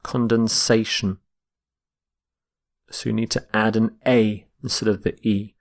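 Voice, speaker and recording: A man teaching English vocabulary, explaining words slowly and modelling their pronunciation and stress. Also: lowish voice, little pitch movement. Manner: slow and deliberate, models pronunciation. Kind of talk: vocabulary lesson.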